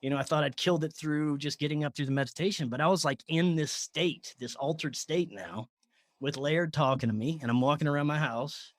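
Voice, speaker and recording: A man guest on a podcast, telling a personal story in a casual, animated way, laughing often and filling with "like". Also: fairly high pitch, brisk, no room sound, clean studio sound.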